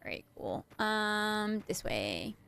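Lively, playful woman gaming streamer. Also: mid-range voice, slow pace, vocal fry, smooth, soft background music. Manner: playful and sarcastic, laughs often. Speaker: streamer playing a video game. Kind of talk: casual gameplay commentary.

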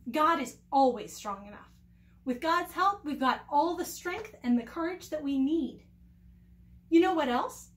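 Woman children's ministry teacher, Bible storytelling, high pitched, expressive. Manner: warm, expressive storytelling with asked questions.

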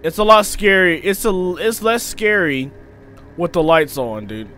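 A young man with an excitable, slangy manner, commentating a let's play of a game and yelping when he gets scared. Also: high voice, unhurried, slight background noise. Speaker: gaming streamer.

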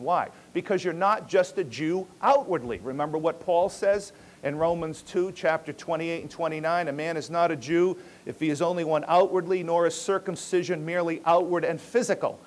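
A man's voice: on the high side, a little fast. A male pastor preaching an emphatic teaching sermon in a church, often checking in with his listeners. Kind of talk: expository sermon.

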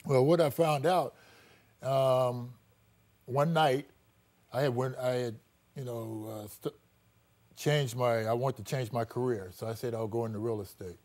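A middle-aged man, a former athlete, telling his story in a relaxed interview, full of "you know" and acted-out quotes. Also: mid-range voice, a little slow, pauses often.

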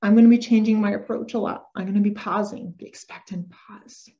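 A woman's voice: medium pitch, level tone, fast talker, warm tone. A young adult woman speech therapist teaching parents how to read to children, dropping into an exaggerated sing-song read-aloud voice full of gasps. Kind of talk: parent-education talk with animated read-aloud. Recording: dull lo-fi recording.

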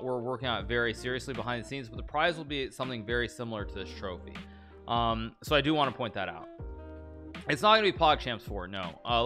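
A man gives casual live-stream commentary. His voice is bright and his pitch moves a lot. He keeps cutting himself off and laughing, and faint music plays behind him. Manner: chatty, self-interrupting, laughs often, reads lines aloud in a mock-romantic tone. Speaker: streamer reacting to chess memes.

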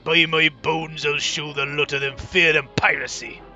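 A swaggering pirate captain bellows threats and boasts in a raised, bright voice with a gravelly edge, as a man puts him on. The playful performance sits in a game's story intro. The sound is a little dull, with faint game music underneath. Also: sits high, sing-song, normal speed, voice pushed up, full character voice. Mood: blustering. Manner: blustering, theatrical, shouting threats. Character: boastful gruff male pirate submarine captain.

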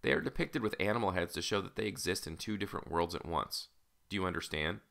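A man reading an audiobook, voicing a calm, formal older uncle who explains patiently and gently guards what he knows. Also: low-pitched, fast, creaky, full character voice. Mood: explaining. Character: calm, measured older male mentor, an uncle. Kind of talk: audiobook character voice.

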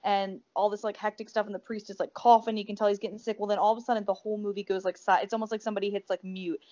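A woman's voice: mid-range voice, little pitch movement, racing, dark tone. A woman co-hosting a podcast, chatting about a horror film in a rambling, enthusiastic way, full of fillers and restarts. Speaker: podcast co-host. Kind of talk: casual movie review chat. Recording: dull lo-fi podcast audio.

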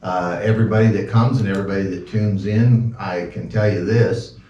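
A fairly low-voiced male pastor preaches in a folksy, joking manner, stopping and restarting his sentences. The sound is distant and muffled, picked up from far off in a roomy church. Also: steady tone, fairly quick, dark tone, a little hiss or hum. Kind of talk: sermon.

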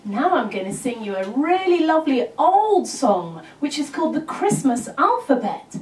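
A woman's voice: high voice, very animated, moderate pace, few pauses, a little mellow, echoey room, far from the mic, poor audio. A woman presenting a children's music show, singing Christmas songs and talking to the kids at home in a cheerful sing-song way.

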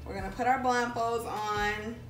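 A woman's voice: a little high, steady tone, normal speed. A woman hosting a casual mukbang vlog, chatting with the viewers and calling them y'all. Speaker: vlog host. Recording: echoey room with music.

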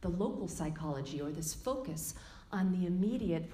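Middle-aged woman teaching yoga, mellow voice, leans hard on words, roomy echo. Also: lowish voice, animated. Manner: earnest, emphatic, stretches key words slowly. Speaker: yoga teacher giving a lecture. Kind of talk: spoken lecture quoting a teacher. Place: yoga studio room. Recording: echoey room.

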